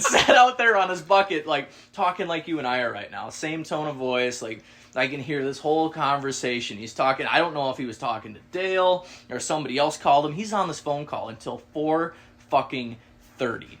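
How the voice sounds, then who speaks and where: A man co-hosting a podcast, telling a casual story, swearing freely and acting out the people he quotes. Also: fairly high pitch. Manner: animated, swearing, acts out quoted voices. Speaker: podcast co-host.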